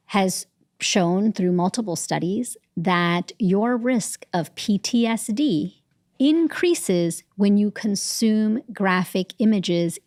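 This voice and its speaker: Vrouw met een licht krakerige, heldere uitlegstem. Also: female voice, mid-range voice, a little mellow, dry recording, clean studio sound. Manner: clear, explanatory, science-based. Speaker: medical correspondent and author. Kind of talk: expert interview answers.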